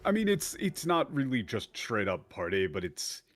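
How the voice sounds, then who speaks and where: A man's voice: medium pitch, very animated, normal speed, fairly bright tone, soft background music. A man on a casual game stream, thinking aloud and weighing how to translate lines. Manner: thinking aloud, hedging with fillers.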